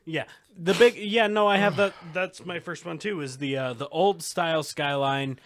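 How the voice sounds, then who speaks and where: A man co-hosting a casual movie review chat, talking in halting bursts with many fillers while working from his notes. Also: a little high, a bit bright, no room sound. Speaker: podcast co-host.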